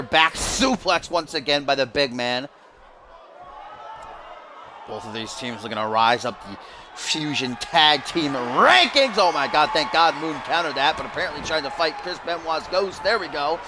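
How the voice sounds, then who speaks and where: A young man doing mock play-by-play commentary over a wrestling video game, bursting into shouts at big moves. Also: fairly high pitch, expressive, normal speed. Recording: loud game crowd and noise behind. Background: loud arena crowd and game sounds.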